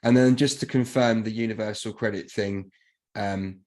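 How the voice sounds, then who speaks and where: Chatty man, low voice. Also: fairly even intonation, moderate pace, a little mellow. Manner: chatty, rambling thanks and recaps. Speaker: workshop host. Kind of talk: casual hosting of an online workshop.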